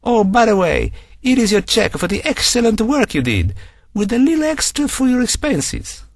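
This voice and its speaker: A man's voice: sits high, sing-song, moderate pace, vocal fry, no echo, studio quality, voice pushed up, exaggerated voice. A man voicing a polite, effusively apologetic male businessman. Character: apologetic, generous male businessman, Frank Bacini.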